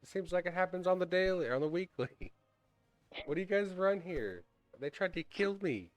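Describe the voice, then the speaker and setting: A man's voice: high-pitched, animated, moderate pace, no room sound, faint music behind. A man playing a tabletop game in character, joking and rambling, often laughing. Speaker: player. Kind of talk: casual in-character role-play.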